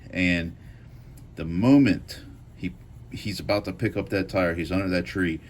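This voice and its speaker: Deep-voiced man telling a rambling story. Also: unhurried, a little hiss or hum. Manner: loose, profane, rambling with frequent fillers. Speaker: knife channel host. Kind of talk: casual storytelling to camera.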